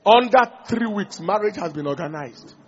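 Pastor guy preaching, high husky voice, chats with the congregation. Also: expressive, normal speed, dull audio. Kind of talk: sermon.

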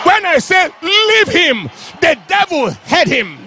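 A man preaching an impassioned sermon, telling a story and shouting out phrases. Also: very high-pitched, wildly swooping pitch, slow pace, a little hiss or hum.

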